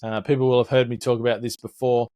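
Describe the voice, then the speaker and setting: A man's voice: medium pitch, flat delivery, fast, dark tone, no echo, studio quality. A man hosting a podcast, talking through a website in a loose, conversational way with lots of fillers and little acted-out sales exchanges. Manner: conversational, filler-heavy, acts out salesperson dialogue. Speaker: podcast host. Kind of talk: casual business podcast teardown.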